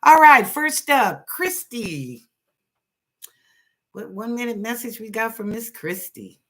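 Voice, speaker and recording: A psychic reader hosting a live show, giving quick readings to viewers in a folksy, chatty, reassuring way and laughing often. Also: medium pitch, lively intonation, fairly bright tone.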